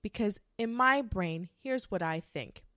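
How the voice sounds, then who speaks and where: A woman's voice: mid-range voice, animated, unhurried, sharp tone, no room sound, studio quality. A young adult woman ranting in a sassy, profane monologue, mocking others with quoted voices.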